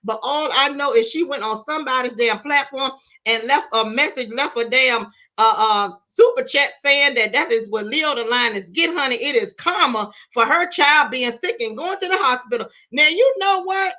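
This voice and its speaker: A woman's voice: high-pitched, moderate pace, bright, forceful tone, dull audio. A woman from Virginia hosting a gossip commentary live stream, blunt and sassy, cursing freely and calling her viewers "y'all" and "honey.". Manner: swears freely, dramatic retelling. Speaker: YouTube commentary host.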